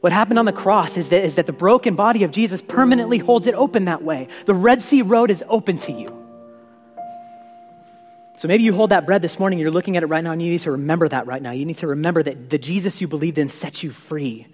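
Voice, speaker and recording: A man preaching with a fairly high voice that rings through a large, reverberant sanctuary. He sounds conversational and animated, often circling back on his words as he builds his point. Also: quick pace, hardly any pauses, faint music behind. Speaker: pastor. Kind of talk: sermon. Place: church sanctuary. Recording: echoey hall reverb.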